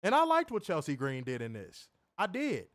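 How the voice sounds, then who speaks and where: This wrestling review co-host has a fairly high voice with huge pitch swings and a moderate pace. He's a loud, profane storyteller who laughs often in the loose, casual chat, recorded at studio quality with no echo.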